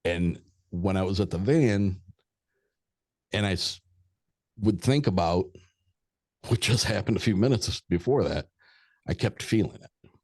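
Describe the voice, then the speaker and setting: A man's voice: sits low, animated, a little slow, long pauses, darkish tone, breathy edge, no room sound, studio quality. A middle-aged man, a podcast guest, telling a long story in a rambling, hesitant way with some swearing. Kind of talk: casual storytelling.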